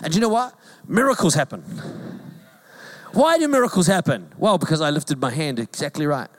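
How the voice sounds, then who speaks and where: A man's voice: fairly high pitch, expressive, brisk. A New man in his forties, a pastor giving a sermon in a conversational, joking way with emphatic repetition.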